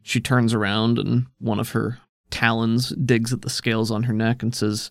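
A man's voice: medium pitch, gravelly, no echo, studio quality. A man running a tabletop role-playing game as game master, steadily describing scenes and explaining the rules. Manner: descriptive, steady storytelling with quick rules asides.

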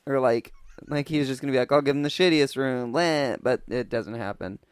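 A man co-hosting a casual comedy podcast, retelling movie scenes in a wry, relaxed way with quoted voices. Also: mid-range voice, brisk, smooth, no echo, studio quality. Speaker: podcast co-host.

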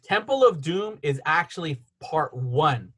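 A man co-hosting a podcast in casual chat, enthusiastic, with quick laughs and repeated words. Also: fairly high pitch, expressive, a bit bright, slightly rough. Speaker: podcast co-host.

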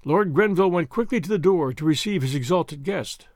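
A man narrates a period novel with theatrical expression, his pitch a little high and very animated. The sound is close and dry, with no room echo. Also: a little fast. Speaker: audiobook narrator. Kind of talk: scripted narration.

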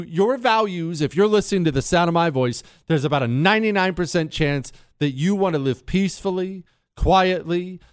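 Animated talk-radio man, crisp voice. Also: dry recording, studio quality. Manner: animated storytelling, mimics people in high voices. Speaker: radio talk show host. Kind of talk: political talk monologue.

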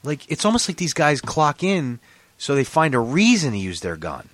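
A man's voice: fairly high pitch, wildly swooping pitch, normal speed, fairly bright tone, no echo. A man hosting a casual podcast, telling his own stories with lots of swearing and acting out both sides of each conversation. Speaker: podcast host. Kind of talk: casual profane storytelling chat.

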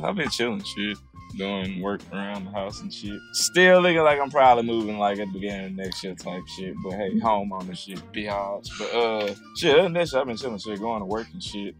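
Brief: male co-host, relaxed loose chat, frequent cursing. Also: on the low side. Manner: laid-back, lots of swearing and laughter. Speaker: podcast co-host. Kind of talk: casual chat.

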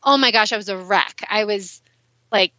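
A young adult woman talking as a guest on a casual podcast interview, animated and emotional, speaking in quick bursts. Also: mid-range voice, dry recording. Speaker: guest ultrarunner. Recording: muffled dry recording.

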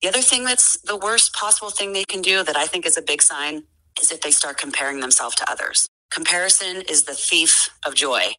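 Low-voiced woman in her forties, bright tone. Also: lively intonation, a little fast, rough recording. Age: 40s. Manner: earnest, full of fillers and restarts. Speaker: podcast guest. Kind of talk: casual conversation.

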